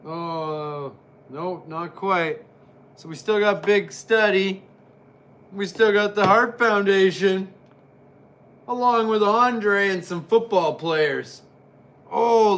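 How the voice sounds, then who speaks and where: A man's voice: high voice, slow, pauses often. A man giving casual, jokey play-by-play commentary while reviewing an old wrestling match. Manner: excitable, jokey, chatty.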